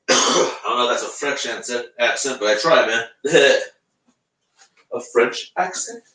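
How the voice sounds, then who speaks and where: A man's voice: medium pitch, takes it slowly, pauses often, pushed and bright. A young man hosting a casual live stream, chatting to his viewers and greeting them by name. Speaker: live-stream host reacting to election coverage.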